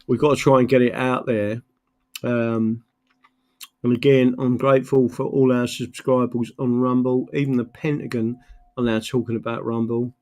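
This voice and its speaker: A man's voice: mid-range voice, little pitch movement, normal speed, darkish tone. A tired man from England hosting a casual livestream, greeting viewers by name and rambling with many fillers. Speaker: livestream host. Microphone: computer mic, camera off.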